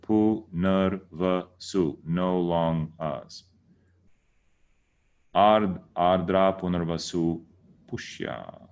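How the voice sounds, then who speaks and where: Man, deep voice, unhurried, patient teacher, repeats words over and over. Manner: slow, patient, repeats words to correct them. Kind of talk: casual lesson.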